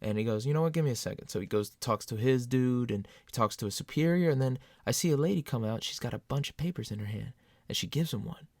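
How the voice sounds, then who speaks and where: Excitable man telling concert stories. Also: mid-range voice, fast talker, gravelly, dry recording, clean studio sound. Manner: excitable, animated retelling with sudden loud jumps. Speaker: metal fan vlogger. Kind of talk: casual storytelling to camera.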